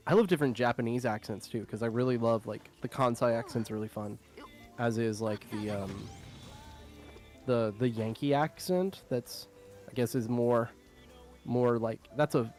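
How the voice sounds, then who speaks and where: A man's voice: medium pitch, darkish tone. Casual swearing man. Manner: laughs often, swears casually. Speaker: streamer. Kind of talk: casual chat.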